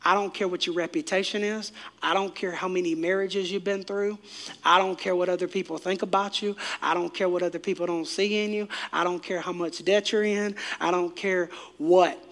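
A man preaching a sermon, speaking straight to the congregation, swinging from shouts down to hushed near-whispers. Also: sits high, steady tone, moderate pace. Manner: preachy, direct address to congregation. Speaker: pastor.

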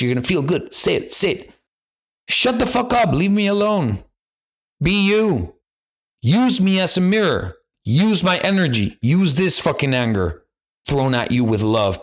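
A man delivering an impassioned solo monologue as a podcast host, blunt and profane, swinging between loud exhortation and low, earnest stretches. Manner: blunt, profane, confrontational ranting.

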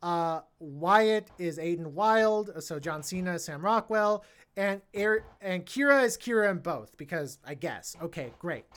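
A woman's voice: lowish voice, animated, unhurried. A woman co-hosting a podcast, recapping a movie plot in casual, rambling chat and swearing freely. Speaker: podcast co-host.

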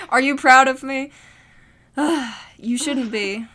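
A woman's voice: high voice, drawn-out words, sharp tone. A young woman co-hosting a casual comedy podcast, giggly and playful, chatting about sketches with her friend. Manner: giggly, playful, breaks into goofy put-on accents. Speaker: podcast co-host.

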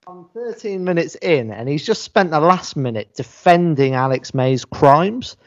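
A man's voice: on the high side, expressive, measured pace, dry recording, dull audio. A man on a football podcast, sarcastic and mocking. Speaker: podcast panelist. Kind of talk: casual football podcast chat.

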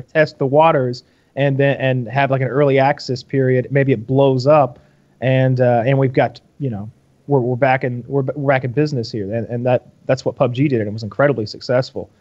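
A man's voice: mid-range voice, lo-fi sound. A man co-hosting a podcast in casual chat, rambling and swearing, restarting his sentences often. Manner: rambling, profane, lots of restarts.

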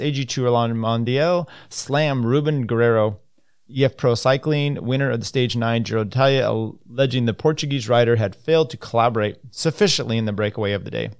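A man's voice: medium pitch, clean tone, dry recording, clean studio sound. Rambling casual male podcast host. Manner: loose and rambling, many fillers, offhand asides. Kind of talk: casual solo podcast, reading and commenting on news.

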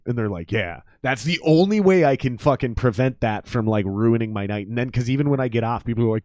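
A man, a drummer who hosts a podcast, telling stories in a casual, profane and animated way and acting out the people he quotes. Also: medium pitch, a little fast, no echo, studio quality.

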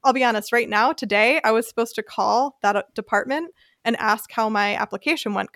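An American woman hosting a podcast, telling a personal story in a casual, animated way and acting out the voices she quotes. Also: fairly high pitch, fairly quick, no room sound, studio quality. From United States. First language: English. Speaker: podcast host.

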